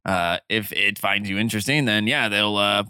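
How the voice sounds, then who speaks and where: A man's voice: fairly low pitch, moderate pace, pushed and bright, smooth, dry recording, studio quality. A man running a tabletop game, describing the world to his players in a loose, hesitant way with many fillers. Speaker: game master.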